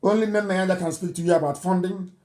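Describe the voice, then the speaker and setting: A Nigerian man hosts a live radio broadcast, his voice high, darkish and fast. He addresses listeners emphatically, hammering his points home through insistent repetition.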